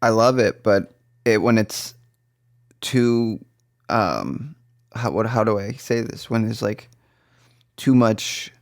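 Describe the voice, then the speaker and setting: Speaking slowly with long pauses, a man with a lowish voice and a Boston accent co-hosts a casual podcast. He comes from the East Coast US and rambles through his stories, self-correcting and restarting often.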